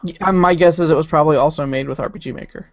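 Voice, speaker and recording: A man's voice: on the high side, quick pace, gravelly, no echo, muffled recording. A man co-hosting a casual podcast who chats eagerly and trails off while searching for things. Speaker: podcast co-host. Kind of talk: casual chat.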